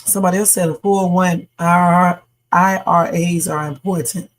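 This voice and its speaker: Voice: medium pitch, steady tone, moderate pace, poor audio. A livestream host chatting casually about news stories and reading out viewer comments. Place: home streaming setup.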